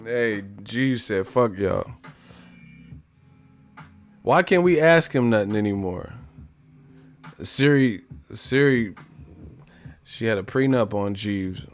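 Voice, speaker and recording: A live stream host reads his chat and talks casually with viewers in a lowish, animated voice, speaking slowly with long pauses. His humor is joking and profane, he laughs often, and faint music plays in the background.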